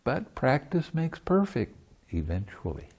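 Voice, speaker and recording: A man's voice: medium pitch, wildly swooping pitch, a little slow, vocal fry, darkish tone, husky, dull audio. A man giving a dharma talk as meditation teacher at a retreat, teaching playfully and often laughing. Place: meditation center.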